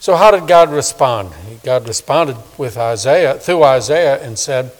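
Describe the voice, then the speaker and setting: A man in his sixties preaching a sermon, swinging from loud emphasis to hushed, soft asides. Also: medium pitch, lively intonation, unhurried. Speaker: pastor. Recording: long reverb of a large hall.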